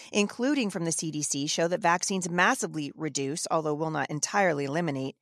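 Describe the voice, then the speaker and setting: A woman's voice: lowish voice, dry recording, clean studio sound. A woman hosting a podcast, giving emphatic, indignant opinion commentary and often restarting her sentences. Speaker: podcast host.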